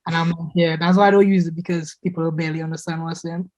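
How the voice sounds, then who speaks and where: A young man from Trinidad with a Trinidadian accent, telling quick stories and laughing in a casual podcast chat. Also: a little high, little pitch movement.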